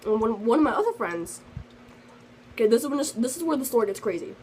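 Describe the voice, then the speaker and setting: A woman's voice: a little high, very animated, quick pace, darkish tone, slight background noise, low-quality recording. A teenage girl telling a story in a casual vlog, rambling with lots of fillers and restarts. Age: teens. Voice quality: sensitive, earnest storytelling. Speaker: vlogger.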